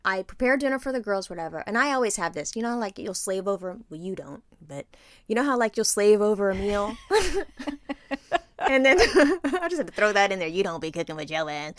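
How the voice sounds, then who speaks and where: A woman's voice: mid-range voice, fairly quick, dry recording. A woman co-hosting a casual podcast chat, telling stories with lots of swearing and acting out what people said. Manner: animated, profane storytelling, acts out quotes. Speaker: podcast co-host.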